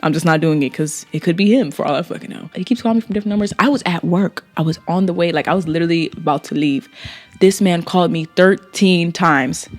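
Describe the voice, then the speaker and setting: Fast-talking young woman telling a story. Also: lowish voice, a little mellow, faint music behind. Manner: blunt, candid, swears freely; slangy casual speech. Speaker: vlogger. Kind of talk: casual storytime.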